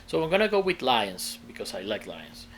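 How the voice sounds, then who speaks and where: A man's voice: lowish voice, very animated, normal speed, fairly bright tone, a little hiss or hum. A man teaching an English grammar lesson, explaining step by step and often checking in with the viewer.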